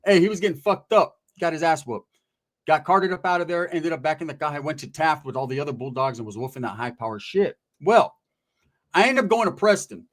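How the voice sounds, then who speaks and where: Male storyteller, streetwise and profane, animated delivery, slightly high pitch. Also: fairly quick. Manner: profane, streetwise, animated, acts out quoted voices. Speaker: guest recounting prison stories. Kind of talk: casual storytelling.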